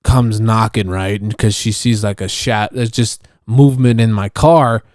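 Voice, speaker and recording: A young man with a lowish voice hosts a solo podcast. He rambles and swears freely, restarting his sentences often, and the sound is dry and close. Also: fairly even intonation, unhurried, a little mellow, no echo. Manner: profane, rambling, many restarts. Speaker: podcast host. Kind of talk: casual rambling monologue.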